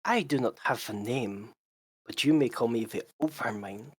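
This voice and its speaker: A game master voicing a nameless disembodied psychic mind with a lisp, speaking in slow, grandiose pronouncements. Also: medium pitch, breathy edge, no echo, close to an everyday voice. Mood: grand. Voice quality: attempted lisp.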